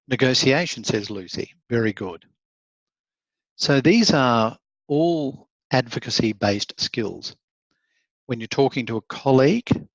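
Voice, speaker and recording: A man teaches law in an online session. He reads out comments from his students and answers them warmly, often laughing as he goes. His voice sits at an ordinary pitch, and the recording is dry and a little muffled. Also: dry recording. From Australia. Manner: encouraging, conversational, laughs often. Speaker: law lecturer. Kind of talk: online lecture, reading student chat comments aloud.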